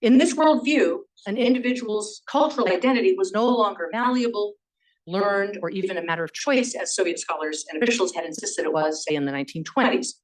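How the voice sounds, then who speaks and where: A woman history professor giving an academic lecture in a measured, explanatory way, often pausing on "um" and "you know". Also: mid-range voice, animated, rough recording.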